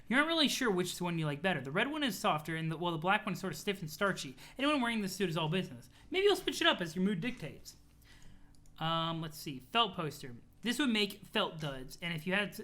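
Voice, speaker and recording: A streamer casually chatting with viewers and reading a webcomic aloud, in an animated, chatty way with casual swearing. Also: mid-range voice. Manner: thanks chat followers, talks to viewers.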